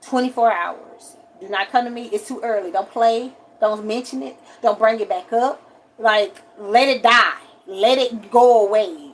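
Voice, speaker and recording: Animated woman telling a story. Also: unhurried, rough recording. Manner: animated, acts out quotes with sharp pitch jumps. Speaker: livestreamer. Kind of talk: casual storytime rant.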